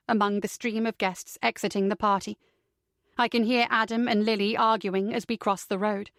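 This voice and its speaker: A woman narrates a first-person psychological thriller audiobook at a measured, steady pace. Her medium-pitched voice is close to the mic, with no echo.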